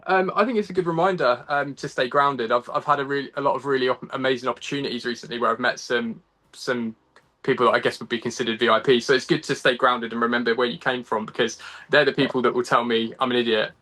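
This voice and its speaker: A man's voice: mid-range voice, steady tone, quick pace, sharp tone. A young man from England with an English accent, a guest chatting casually in an interview over a video call, laughing often and full of ums and restarts.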